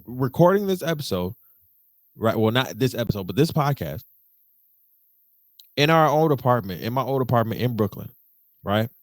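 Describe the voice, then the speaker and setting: Young male podcast host, energetic and expressive, mid-pitched voice recorded dry. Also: dry recording. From Detroit. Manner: animated and slangy, jumps to high excited pitch, mimics voices. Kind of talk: casual solo podcast storytelling.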